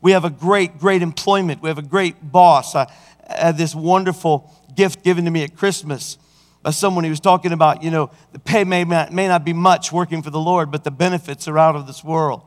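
A man's voice: on the high side, fairly even intonation, fairly quick. A man preaching a sermon as senior pastor, fervent and building in force, recorded in a church sanctuary. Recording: church hall reverb.

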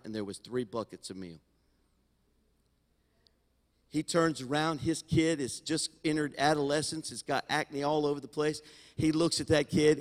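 A man preaching a sermon as senior pastor, telling the story in an animated way and swinging from loud to quiet. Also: medium pitch. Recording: long hall reverb in a sanctuary.

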